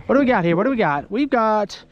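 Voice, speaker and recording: A man from Idaho giving excited, chatty commentary to the camera while fishing from a kayak on a lake. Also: high voice, fast talker, dull audio. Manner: excitable, exclaiming, chatty with viewers. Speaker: fishing vlogger. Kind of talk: casual outdoor commentary to camera. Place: kayak on an open lake outdoors. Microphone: handheld camera.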